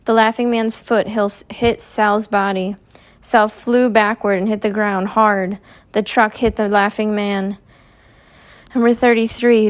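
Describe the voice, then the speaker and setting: A woman reading a first-person novel aloud in a measured, clear storytelling manner. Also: mid-range voice. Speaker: audiobook reader.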